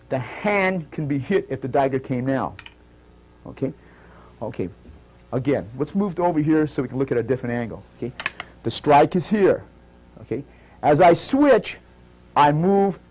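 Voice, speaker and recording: A man instructing a martial arts demonstration, calm and methodical, calling out each move and repeating "notice" and "okay" as he walks through it slowly. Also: a little high, slight background noise. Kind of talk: live demonstration teaching. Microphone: stage demonstration recording.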